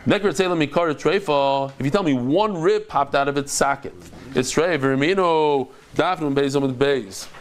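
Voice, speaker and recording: A man teaching a daily Talmud class as a rabbi, explaining in an animated, dramatic way with quick restarts. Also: fairly high pitch. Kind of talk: lively Talmud lecture to a live group.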